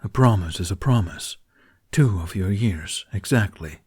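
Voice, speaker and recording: A man's voice: deep voice, animated, a little slow, darkish tone, slightly rough, exaggerated voice. A man reading the part of a male dragon companion in an audiobook, teasing in a dry, matter-of-fact way.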